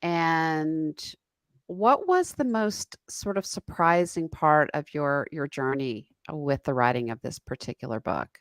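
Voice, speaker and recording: Slow, low-voiced woman host. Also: animated, dry recording, studio quality. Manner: curious, encouraging questions. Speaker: interview host. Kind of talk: conversational interview.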